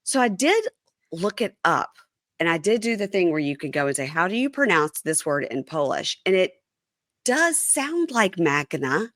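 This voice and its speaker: A chatty woman podcast host with a lower voice, talking casually and playfully to her listeners. Her voice is close and dry, with no room sound around it. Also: very animated, moderate pace, a bit bright, dry recording. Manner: chatty, playful, addresses listeners as "you guys". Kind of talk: casual reality TV podcast chat and host-read ad.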